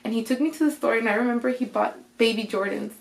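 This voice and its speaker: A young woman vlogger casually telling a personal story, retelling it with lively quoted voices. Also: a little high, quick pace, creaky. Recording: roomy echo.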